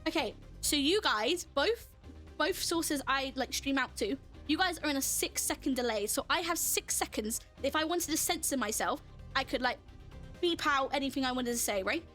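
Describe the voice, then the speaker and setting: A woman's voice: sits high, animated, normal speed, a bit bright, faint music behind. A woman streamer chatting casually while playing a game, laughing often and answering her chat as she goes.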